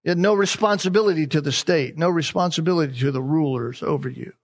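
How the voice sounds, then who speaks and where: Pastor, male, high voice, emphatic sermon delivery with repeated phrases and rhetorical questions. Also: fast talker.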